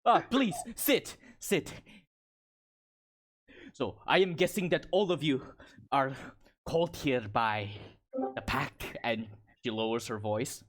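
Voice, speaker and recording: A man voicing a boisterous, amused female giant warrior in her twenties, speaking heartily and slowly. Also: rumbling low, expressive, heavily acted. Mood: friendly. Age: 20s.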